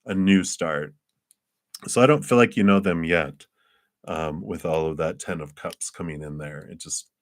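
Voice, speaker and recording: A man doing live-streamed tarot readings, chatty, laughing often and acting out quoted voices. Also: low-pitched. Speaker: tarot reader.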